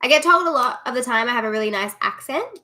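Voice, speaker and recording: A woman's voice: fairly high pitch, lively intonation, fast, pushed and bright. A young Australian woman chatting casually with viewers on a livestream, giggly and self-deprecating. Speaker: streamer.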